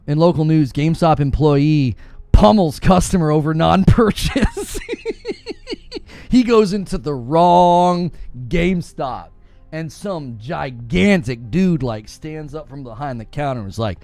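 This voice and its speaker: A man hosts a casual gaming live stream, reading out chat and riffing with frequent laughter. His voice is fairly high and very lively in pitch, and he talks at an unhurried pace. The sound is dry and close, with faint music behind. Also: no echo. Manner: laughs often, riffs on jokes.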